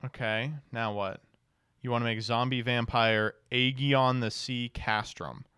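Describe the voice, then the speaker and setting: A streamer reading card text aloud in a casual review, stopping for blunt, swearing reactions. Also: male voice, mid-range voice, fairly even intonation, a little slow, pushed and bright, clean tone, no echo, clean studio sound.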